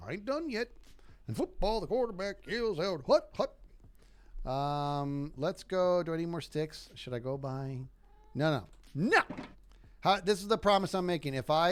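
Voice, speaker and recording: A man streaming a video game live, joking and talking to himself as he plays. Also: a little high. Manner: animated, joking, talks to himself while playing. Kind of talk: live gaming commentary.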